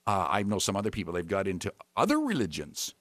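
Male preacher, sermon, storytelling, very expressive pitch, dry close sound. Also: quick pace, no echo. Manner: animated storytelling, voicing characters in the story.

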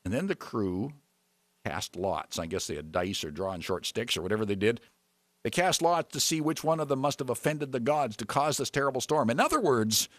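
A man preaching a sermon, retelling a story with lively voices for its characters. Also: mid-range voice, fairly quick, no room sound.

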